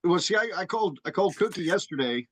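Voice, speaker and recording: A man's voice: high-pitched, lively intonation, fast talker, a bit bright, slightly rough. Rambling, swearing man on a podcast. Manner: rambling, profane storytelling with many restarts. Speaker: podcast co-host. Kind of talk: casual chat.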